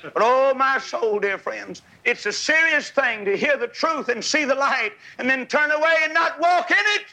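Fiery revival preacher, bright voice. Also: male voice, very high-pitched, normal speed, low-quality recording. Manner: fiery, exhorting, swings from soft to shouting. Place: large revival tent.

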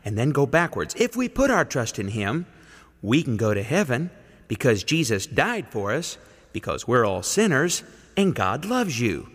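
A man preaching, slowly leading listeners through a call-and-response gospel lesson. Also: medium pitch, sing-song, fairly bright tone, big-room sound. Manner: slow, coaxing, leads the listeners to repeat each phrase.

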